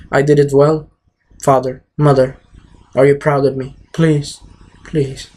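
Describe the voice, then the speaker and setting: A man giving a rambling, casual movie recap, jumping around and swearing now and then. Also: mid-range voice. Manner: rambling, jumps around, frequent fillers and swearing. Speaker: movie reviewer.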